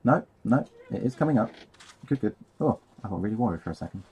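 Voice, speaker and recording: A man's voice: on the low side, lively intonation, quick pace, warm tone, husky. A man rambling casually on a live stream while painting, easily sidetracked and laughing at himself.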